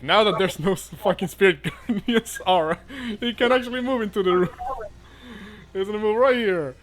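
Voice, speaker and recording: A man running a tabletop game, talking in a casual, unpolished way with plenty of fillers and swearing. His voice is bright and clear, and soft music plays in the background. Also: on the high side. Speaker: dungeon master.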